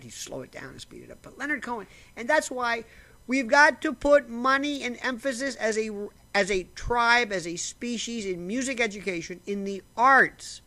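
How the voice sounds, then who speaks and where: Man, casual monologue to camera, rambling, restarts a lot, animated, slightly high voice. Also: moderate pace. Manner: slurps coffee while talking. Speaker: vlogger. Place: simple home setup.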